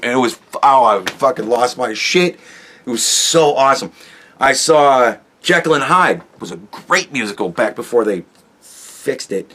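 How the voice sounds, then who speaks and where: A man hosting a podcast, talking casually in a rambling, profane monologue that jumps between loud outbursts and low mutters. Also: animated, normal speed. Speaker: podcast host.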